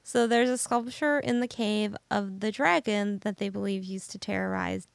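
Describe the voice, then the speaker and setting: A woman's voice: medium pitch, normal speed, vocal fry, dry recording. A woman co-hosting a casual podcast, telling stories in a giggly, rambling way. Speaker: podcast co-host. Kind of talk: casual chat.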